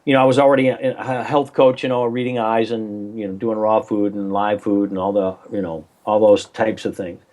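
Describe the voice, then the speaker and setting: A man's voice: on the low side, level tone, normal speed, few pauses, a little mellow. Older man telling stories, rambling. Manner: rambling, acts out phone voices, frequent restarts. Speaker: guest, coach. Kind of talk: casual storytelling interview.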